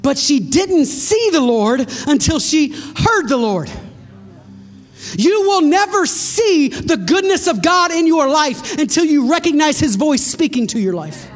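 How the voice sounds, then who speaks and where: A woman's voice: high-pitched, very animated, measured pace. A woman preaching a sermon to her congregation, retelling a story dramatically with rhetorical questions and direct address.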